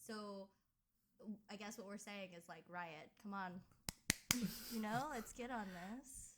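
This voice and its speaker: A young woman co-hosts a casual podcast chat. Her voice sits at a middle pitch, and she wanders into tangents packed with filler words. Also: takes it slowly, very noisy. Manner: chatty, full of "like" and tangents. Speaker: podcast co-host.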